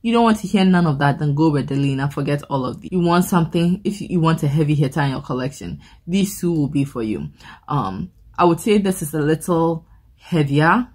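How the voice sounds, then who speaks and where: Casual woman vlogger, low husky voice, rambling and playful, restarts often. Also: expressive, brisk, darkish tone. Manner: chatty, rambling with playful movie comparisons; frequent word repeats and restarts. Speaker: perfume reviewer. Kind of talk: casual review vlog.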